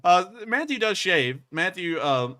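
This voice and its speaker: A man's voice: high-pitched, measured pace. A man hosting a livestream, chatting casually and rambling as he answers donations. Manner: rambling, lively, frequent fillers and restarts. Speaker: livestream show host.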